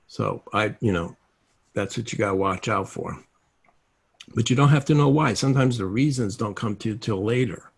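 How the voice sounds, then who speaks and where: A man's voice: lowish voice, moderate pace, vocal fry, breathy edge. A man giving a casual self-help teaching talk over a video call, telling stories and acting out the dialogue in them. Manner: animated storytelling, acts out quoted dialogue.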